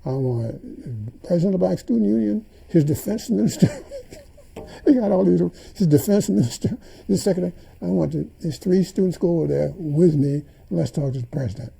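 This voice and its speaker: Older man, interview storytelling, mellow dark tone, gravelly, animated quoted dialogue. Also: brisk, low-quality recording. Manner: animated retelling, acting out quoted dialogue with raised pitch.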